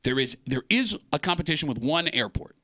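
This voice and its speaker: Animated, bright-voiced male radio host. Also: fairly high pitch, brisk, no echo, clean studio sound. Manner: animated, teasing, leads the discussion. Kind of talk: casual morning radio banter. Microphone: studio microphone.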